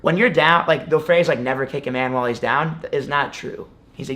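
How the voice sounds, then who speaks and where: A man's voice: medium pitch, a little fast, bright, forceful tone. Young man rambling through a story. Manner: rambling, filler-heavy storytelling with many "like"s. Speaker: guest wrestler. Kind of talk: casual interview.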